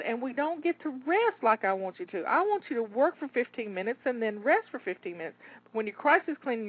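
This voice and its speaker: A woman's voice: a little high, dry recording. A woman coaching listeners through timed cleaning tasks, cheering them on with encouraging, repeated rallying phrases. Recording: phone-like narrow dry sound.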